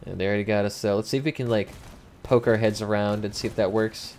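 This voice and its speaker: A young man livestreams a game and commentates casually in a fairly low, somewhat mellow voice, talking quickly with fairly even intonation. He's chatty with viewers, reads the chat aloud, and swears freely.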